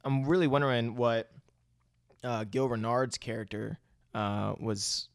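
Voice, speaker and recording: A laid-back man in casual podcast chat who thinks aloud and swears in passing. His mid-pitched voice is smooth and clean, recorded close and dry. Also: steady tone, a little slow, no room sound. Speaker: podcast co-host. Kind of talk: casual movie discussion.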